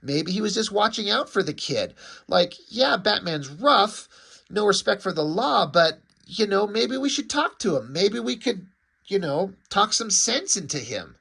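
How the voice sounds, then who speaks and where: Laid-back hero dude, a guy reading him, hesitant and reasonable, a bit higher voice. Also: very animated, unhurried, creaky, sharp tone, slightly rough, heavily acted. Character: easygoing, curious male superhero.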